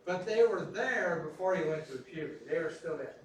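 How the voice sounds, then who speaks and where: A middle-aged man lectures an anatomy class in a loose, chatty way, with joking asides. His voice sits a little high for a man. The recording catches him from well back in a heavily echoing classroom. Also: expressive, brisk, a little hiss or hum. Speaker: anatomy instructor. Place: large echoey classroom. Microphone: recorded from a distance. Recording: echoey classroom from far off.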